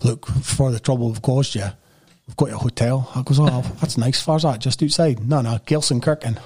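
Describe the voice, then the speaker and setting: A middle-aged Scottish man telling a lively anecdote in casual chat, laughing often and acting out what people said. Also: mid-range voice, a little fast, breathy edge. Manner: animated storytelling, laughs often, acts out quotes.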